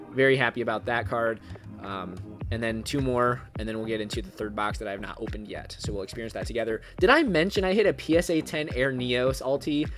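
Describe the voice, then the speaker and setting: An excitable man talks casually to his viewers in a mid-range voice, rambling with fillers and then shouting with excitement. Music plays clearly under his voice throughout. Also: medium pitch. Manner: excitable, bursts into loud shouting at good pulls. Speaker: card collecting YouTuber. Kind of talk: casual unboxing vlog.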